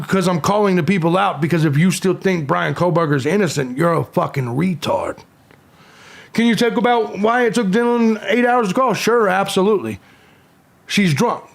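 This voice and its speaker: A man's voice: high voice, gravelly. A man in his forties hosting a live stream, reading viewers' comments aloud and firing back at trolls in a combative, profane way. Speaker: livestream host.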